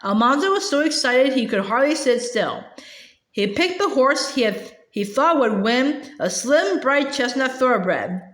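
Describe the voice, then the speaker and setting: A woman reads a children's novel aloud in a high, animated voice. She often stalls on drawn-out filler sounds and restarts words, and the recording sounds roomy and echoey. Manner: hesitant, with many filler sounds and stumbles. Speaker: storybook reader.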